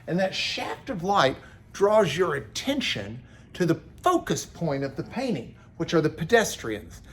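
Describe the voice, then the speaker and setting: A man's voice: a little high, very animated, measured pace, fairly bright tone, slight background noise. A middle-aged man giving a daily Bible devotional from his office, earnest and emphatic, often repeating words as he goes. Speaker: Bible teacher. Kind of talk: daily devotional talk to camera.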